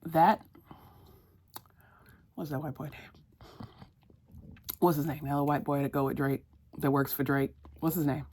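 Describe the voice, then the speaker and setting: A woman's voice: sits low, steady tone, normal speed, pauses often, a little mellow, breathy edge. A woman vlogging casually, chatty and laughing, who breaks off to tease her dog in a playful scolding voice;. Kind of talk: casual vlog chat.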